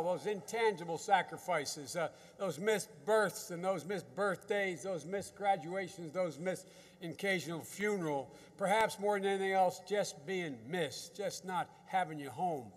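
A man's voice: high-pitched, measured pace, in a large hall. An older American man giving a folksy, rambling off-the-cuff speech to soldiers at a ceremony, with many restarts and repeated words. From United States. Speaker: government official addressing troops.

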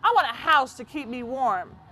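A woman's voice: high-pitched, lively intonation, moderate pace, sharp tone, full character voice. Woman reading as a boy grown into a tired man. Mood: wanting.

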